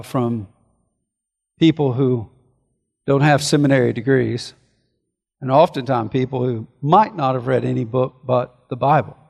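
A man preaching a sermon as a pastor, earnest, swinging between forceful declarations and hushed, slowed reflection. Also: mid-range voice, gravelly, big-room sound.

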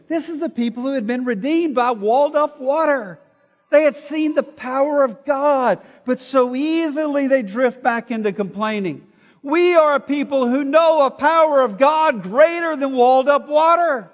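A man preaching an expository sermon, explaining word meanings and reading scripture aloud, moving between loud emphasis and quiet asides. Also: very high voice, normal speed. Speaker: pastor. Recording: hall reverb.

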